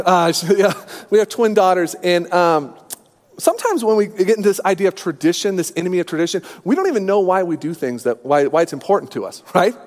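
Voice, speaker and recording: A man's voice: sits high, in a large hall. A man in his thirties preaching a sermon, telling personal stories with humor and self-deprecation. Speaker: pastor.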